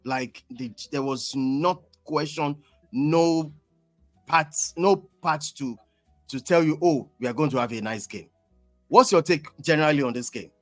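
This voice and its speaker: Exasperated Nigerian football fan host. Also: male voice, fairly high pitch, a little slow, no room sound, faint music behind. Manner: exasperated, sing-song delivery. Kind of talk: football fan reaction show.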